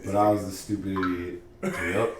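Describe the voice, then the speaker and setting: A man's voice: low-pitched, flat delivery, moderate pace. A man co-hosting a podcast, telling a crude story and acting out both sides of it. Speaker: podcast co-host. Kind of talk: casual storytelling chat. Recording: roomy, distant mic with faint noise.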